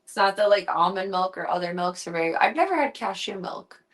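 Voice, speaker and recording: A young woman streams from home on a handheld phone, chatting casually in an everyday mid-range voice. She drifts between plain talk and soft baby talk aimed at her cat. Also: mid-range voice, lively intonation, a little fast. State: tearful, close to crying. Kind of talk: casual chat to her pet and viewers. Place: at home indoors. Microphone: handheld phone camera.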